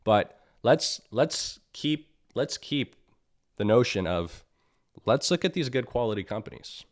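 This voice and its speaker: This trading stream host has a mid-range, animated voice and a measured pace. He's running a live market analysis broadcast, sounding irritated, speaking bluntly, going over the same points and asking "right?" again and again.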